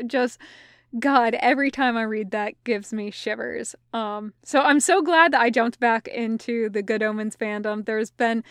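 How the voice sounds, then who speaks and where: A woman's voice: on the high side, fairly even intonation, moderate pace, a bit bright, clean tone, no echo, clean studio sound. A young woman reading fan fiction aloud, then chatting casually and gushing about the story. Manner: gushing, with fillers in the afterword. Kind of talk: storybook narration, then casual afterword chat.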